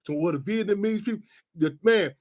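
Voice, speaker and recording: Fast-talking high-voiced man rambling. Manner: rambling, repeats "you know what I'm saying". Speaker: radio show host. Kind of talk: casual monologue.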